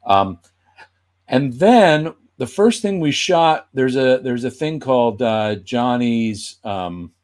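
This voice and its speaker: A man, a puppeteer invited as a guest, spinning a relaxed backstage story in a conversational tone. He slips into lively impressions whenever he quotes someone, then drops back to his everyday voice. His voice sits at a middling pitch for a man. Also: slow. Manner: animated, acts out quoted voices. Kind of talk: casual anecdote telling.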